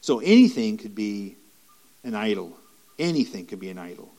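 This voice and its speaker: A man's voice: lowish voice, sing-song, moderate pace, warm tone. A man preaching a sermon in an earnest, repetitive way, with restarts and rising emphatic stretches.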